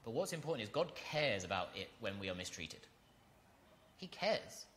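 A man's voice: on the low side, big pitch swings, moderate pace, fairly bright tone, a little hiss or hum. A man preaching an earnest sermon, reading scripture and building to emphatic repetition.

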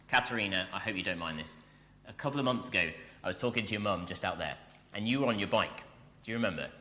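A man preaching a sermon, animated and speaking directly to his congregation in a church. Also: medium pitch, a little fast, big-room sound. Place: church hall.

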